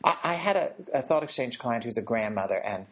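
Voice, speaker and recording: A woman speaking as a guest in a conversation, explaining ideas calmly and acting out gentle quoted lines. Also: a bass voice, a little fast. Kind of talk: casual conversation.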